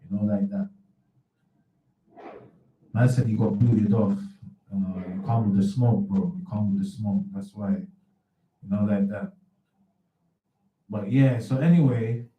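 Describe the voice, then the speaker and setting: A man's voice: lowish voice, fairly even intonation, slow, pauses often, dark tone, reverberant, far from the mic, low-quality recording. A man hosting a radio show in a casual, rambling way, full of slang and repeated words. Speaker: radio host.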